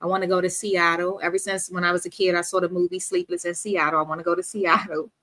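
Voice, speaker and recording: A woman's voice: lowish voice, level tone, fast talker, a bit bright. A woman from D.C. hosting a casual livestream, chatting with viewers and reading their comments aloud. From Washington, D.C.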